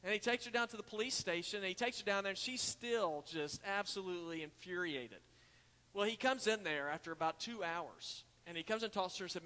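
A man's voice: high voice, brisk, bright, forceful tone. A man preaching a sermon, telling a folksy story and talking to the congregation as y'all. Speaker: pastor. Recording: church hall reverb.

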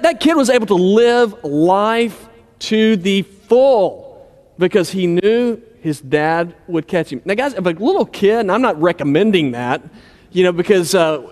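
A male pastor delivers a sermon with a notably high-pitched voice. He talks in a relaxed, conversational manner, often sinking to a low, soft voice to drive a point home. The sound carries a long reverb, as in a large hall. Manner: conversational preaching, dropping low and quiet for emphasis.

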